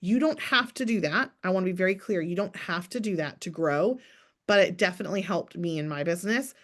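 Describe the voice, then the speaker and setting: A woman in her thirties coaching a sales team in a lively, chatty way, acting out sample messages as she goes. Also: fairly low pitch, fairly quick. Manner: energetic, chatty, acts out sample messages in bright voices. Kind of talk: motivational coaching talk.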